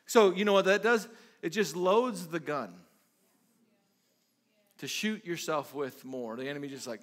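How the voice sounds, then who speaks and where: A man's voice: a little high, a little slow, pauses often, a bit bright. A male pastor preaching a sermon in a conversational way, with lots of restarts and sudden emphatic bursts.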